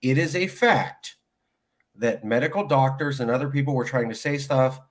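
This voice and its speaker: A male interviewer with a voice of average pitch. He talks in a measured, careful way, with a dry, joking edge. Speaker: interviewer, host. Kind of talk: interview conversation.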